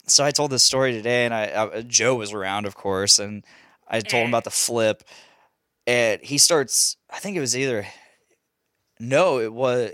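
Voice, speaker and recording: A man's voice: medium pitch, dry recording, studio quality. A young man telling a casual story as a podcast host, laughing often and swearing freely. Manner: animated, laughing, swears a lot.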